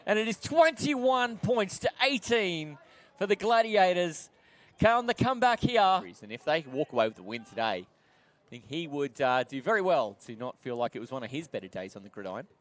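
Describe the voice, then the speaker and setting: A man with an Australian accent calling a game as an excitable play-by-play commentator who climbs to shouts on the big plays. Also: on the high side, normal speed.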